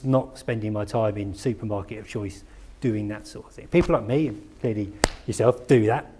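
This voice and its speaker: A man's voice: on the low side, mellow. Guy talking at a conference, easygoing, asks the crowd stuff, pokes fun at himself. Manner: conversational, asks the audience questions, self-deprecating asides. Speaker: conference speaker. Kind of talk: conference presentation. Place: conference room.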